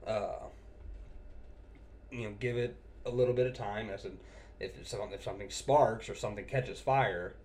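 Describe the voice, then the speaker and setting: A man's voice: fairly low pitch, a little mellow. A man casually telling an anecdote about a customer call from his job as a technician. He swears constantly, sounds exasperated and laughs easily. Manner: profane, exasperated, quick to laugh. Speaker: cable technician telling a work story.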